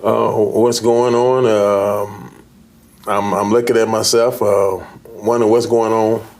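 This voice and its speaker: Man, pastor, lowish voice, halting, repeats words, earnest, studio interview. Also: level tone, darkish tone. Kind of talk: interview guest recounting illness.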